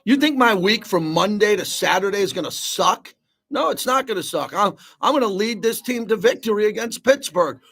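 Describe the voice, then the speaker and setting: A man's voice: sits high, animated, normal speed, vocal fry, a bit bright, slightly rough. A man hosting a sports talk radio show, ranting bluntly and with heat.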